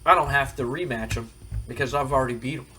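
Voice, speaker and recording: A man's voice: medium pitch, fast, bright, forceful tone, natural voice. Man putting on a smug veteran wrestler. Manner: smug, dismissive. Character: arrogant veteran male wrestler, self-proclaimed best.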